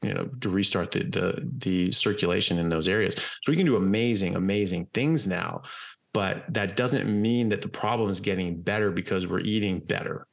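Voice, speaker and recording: A man's voice: deep voice, moderate pace, gravelly. A man in casual podcast conversation, explaining emphatically with loose fillers and repeated words, and occasionally swearing bluntly.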